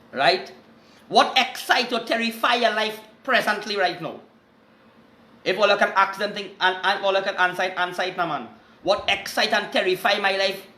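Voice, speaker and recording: A Trinidadian man hosting a rambling live stream, with loud, excited greetings and shout-outs. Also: high voice. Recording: echoey room.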